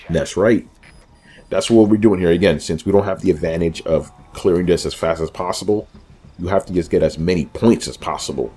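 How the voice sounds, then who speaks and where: A man's voice: low voice, dark tone. A man giving casual commentary over a video game walkthrough, rambling loosely with lots of fillers and joking asides about himself.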